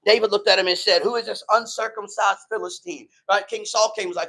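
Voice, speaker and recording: A man's voice: high voice, fairly even intonation, fairly quick, vocal fry, pushed and bright, poor audio. A man preaching a sermon in a loose, slangy way, retelling stories with quoted voices. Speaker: pastor.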